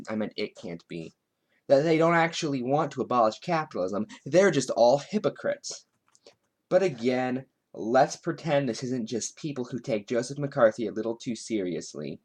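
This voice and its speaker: A man's voice: medium pitch, darkish tone. A man hosting a political commentary show, speaking in a sarcastic, wry monologue. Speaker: host.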